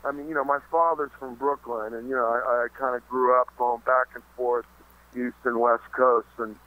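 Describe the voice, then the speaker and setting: A man being interviewed in casual chat, halting with many restarts and fillers, and swearing freely. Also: mid-range voice, level tone, bright, forceful tone, rough recording. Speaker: interview guest.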